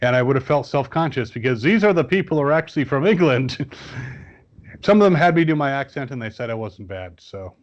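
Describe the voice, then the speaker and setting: A man's voice: mid-range voice, animated, a little fast, highs cut off. A man chatting casually as a guest on a podcast, rambling with many fillers and restarts. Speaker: guest toy reviewer.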